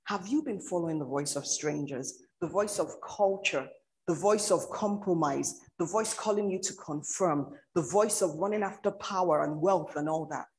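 Preacher delivering a sermon with mid-range pitch; leans on repetition and direct questions to the congregation. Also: moderate pace, poor audio. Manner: repeats key phrases, asks the listeners rhetorical questions.

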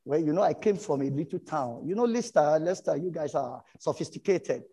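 A middle-aged man from Nigeria with a Nigerian English accent, preaching a sermon and telling stories from his own life, animated and breaking into shouts. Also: on the high side, fairly quick, slightly rough, poor audio. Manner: animated storytelling, bursts into shouts. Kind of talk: sermon with personal testimony.

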